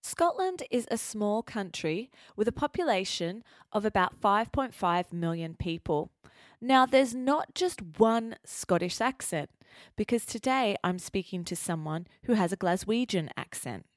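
A woman hosting a language-learning podcast, speaking in a clear, measured way as she explains things. Her voice sits in a middle pitch. It is recorded close and dry, with no room sound. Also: lively intonation, dry recording. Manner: clear, measured teaching delivery. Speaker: podcast host. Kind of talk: scripted educational podcast narration.

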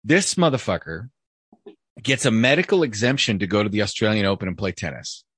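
A man's voice: fairly low pitch, lively intonation, brisk, fairly bright tone, husky, no room sound. A man hosting a casual podcast chat, talking in a profane, rambling way. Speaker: podcast host.

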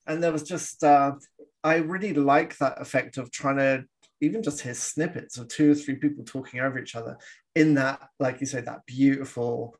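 Talking old movies on a podcast he co-hosts, this man speaks in a mid-range voice at normal speed with fairly even intonation. The conversation is casual, full of laughter and acted-out quotes.

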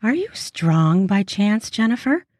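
A woman's voice: medium pitch, big pitch swings, measured pace, a little mellow, dry recording, studio quality. Woman voicing a bold teasing older woman. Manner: sultry, teasing, hissing. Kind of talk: erotic audiobook reading.

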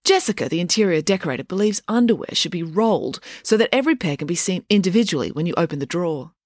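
A cool, scheming schoolgirl voiced by the narrator, unruffled and smug, delivering even threats sweetly. The reading is dry and close, with a lively, varied lilt. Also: mid-range voice, fast, no room sound, natural voice. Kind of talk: audiobook character voice.

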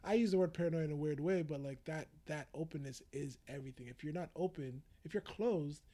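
A man's voice: a little high, a little fast, mellow. A man, a musician guest in a casual interview, talking animatedly and often asking "you know what I mean?".

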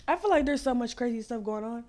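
A young woman hosting a podcast, ranting in a blunt, profane, sassy casual chat that swings between loud and quiet. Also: fairly high pitch, animated, fast. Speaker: podcast host.

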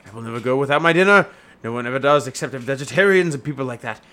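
A man reading lines from a comic play in a relaxed read-through. He is playful and loose with the script. His voice is middle in pitch. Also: fast. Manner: playful, breaks off laughing. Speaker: amateur reader of a play.

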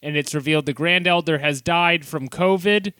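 A man co-hosting a podcast, recapping an episode in a jokey, casual way with quick asides and frequent laughs. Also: on the high side, very noisy. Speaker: podcast co-host. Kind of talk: casual comedic recap chat.

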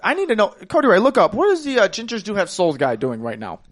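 A young man co-hosting a podcast, telling stories loudly and with animation, jumping between shouts and mutters. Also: high voice, wildly swooping pitch, fast. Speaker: podcast co-host. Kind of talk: casual podcast banter.

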